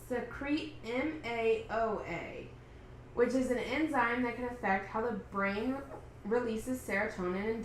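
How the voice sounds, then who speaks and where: A woman's voice: fairly high pitch, fairly bright tone, slight background noise. Blunt young woman, echoey room. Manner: blunt, reactive, swears casually. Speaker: podcast co-host. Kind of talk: casual TV recap chat. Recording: roomy echo.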